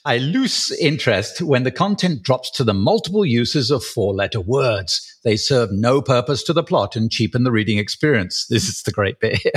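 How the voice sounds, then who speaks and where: A man's voice: medium pitch, expressive, normal speed, slightly rough. An English man co-hosting a podcast, chatting wryly and teasing with frequent laughs. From England. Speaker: podcast co-host and author. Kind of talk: casual chat.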